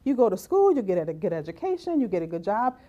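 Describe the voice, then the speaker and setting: A woman giving a lively conference talk as keynote speaker, often asking "right?" and acting out the voices she quotes. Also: medium pitch, fast, lo-fi sound. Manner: animated, acts out quoted voices, rhetorical "right?".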